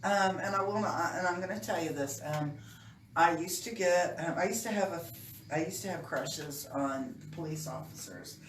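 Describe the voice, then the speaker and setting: Middle-aged woman co-host, lowish voice, tells stories and laughs a lot, echoey room with noise behind. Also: moderate pace. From Oklahoma. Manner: storytelling, laughs often, playful. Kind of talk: casual chat. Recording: roomy, distant mic, clear background noise.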